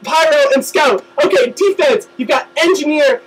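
A man rambling through a silly improvised story with a friend, hesitant and full of ums, breaking into laughing shouts. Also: very high voice, moderate pace, rough recording. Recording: loud hiss from a glitching mic.

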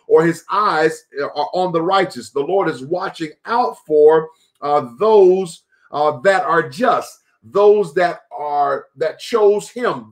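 Repetitive preacher man, somewhat high voice. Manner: repeats phrases, many fillers and restarts. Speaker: pastor. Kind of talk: devotional sermon.

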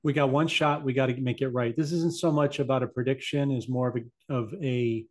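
A man's voice: medium pitch, fairly even intonation, brisk. Easygoing male host, casual chat. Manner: easygoing, confident predictions.

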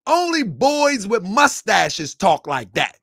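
A man's voice: high-pitched, huge pitch swings, takes it slowly, vocal fry, a bit bright, breathy edge, no room sound, clean studio sound. A man giving a mocking reaction commentary, laughing often and lecturing in a taunting, preachy way. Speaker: online commentator.

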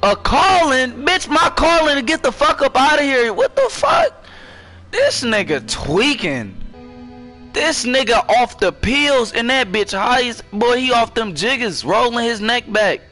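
Young guy yelling and cussing through a scary game, high bright voice, jumps all over the place. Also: unhurried, soft background music. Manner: profane, excitable, jumpy with screams. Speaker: gaming streamer. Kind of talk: horror gameplay commentary.

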